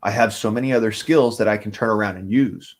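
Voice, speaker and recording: A man's voice: lowish voice, fast. A man talking casually on a livestream, rambling from thought to thought and swearing often.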